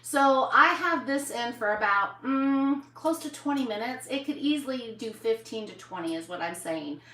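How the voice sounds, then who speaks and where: A woman's voice: on the high side, expressive, moderate pace, sharp tone, reverberant, far from the mic, a little hiss or hum, poor audio. A woman hosting a live cooking demonstration, chatty and folksy as she talks straight to her viewers from her home kitchen. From United States. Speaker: cooking show host.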